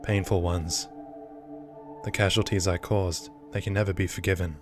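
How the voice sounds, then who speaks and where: A wounded, haunted young woman, read by a man in his own low voice, speaks in terse, grim lines. She is a horror-game figure weighed down by painful memories. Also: fairly even intonation, normal speed, music in the background, lightly acted.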